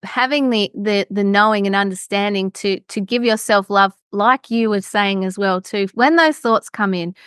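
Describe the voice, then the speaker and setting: Woman, podcast host; encouraging, chatty, mid-pitched, dry sound. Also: normal speed, hardly any pauses, a bit bright, clear, resonant tone, no room sound. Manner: encouraging, frequent affirming murmurs. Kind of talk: casual podcast conversation.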